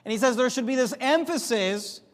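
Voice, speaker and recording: Pastor mid-sermon: male, high voice, emphatic swings up and down, church-hall reverb. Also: expressive, a little fast. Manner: emphatic, rising and dropping sharply for effect.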